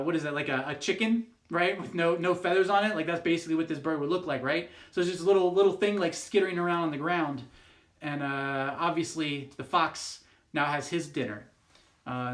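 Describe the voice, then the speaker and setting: A man's voice: fairly high pitch, fairly bright tone, roomy sound. A man, a youth pastor, telling a fable in a casual, rambling way, with lots of fillers and restarts. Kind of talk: youth group devotional talk.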